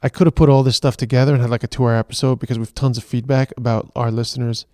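A man's voice: medium pitch, flat delivery, rapid-fire, dark tone, dry recording. An Irish man co-hosting a podcast in casual chat, talking in loose, restarting phrases. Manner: chatty, restarts phrases often. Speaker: podcast co-host. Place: moving car. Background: traffic and train noise.

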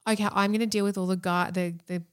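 A woman's voice: mid-range voice, flat delivery, fast talker, clear, resonant tone, dry recording, studio quality. A young woman, pregnant, chatting casually and emotionally, laughing often as she talks. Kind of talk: casual chat about pregnancy.

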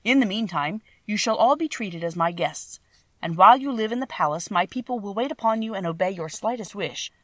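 A woman's voice: mid-range voice, lively intonation, fairly quick, no echo, natural voice. Woman reading an old meek humbug wizard. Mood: earnest. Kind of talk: audiobook reading.

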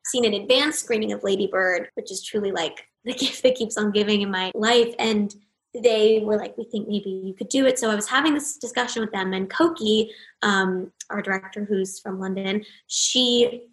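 A young American actress chatting as an interview guest, telling stories in a lively, animated way. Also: female voice, mid-range voice, normal speed. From United States. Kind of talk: casual interview chat. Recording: roomy echoey sound.

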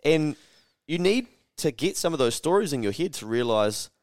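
A man co-hosting a casual podcast, swearing freely and mimicking people in loud, high voices. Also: big pitch swings, moderate pace, no room sound, studio quality. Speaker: podcast co-host.

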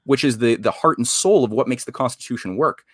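A man's voice: mid-range voice, brisk, a bit bright, no echo, studio quality. Earnest man with long winding explanations. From Canada. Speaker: guest. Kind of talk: casual interview discussion.

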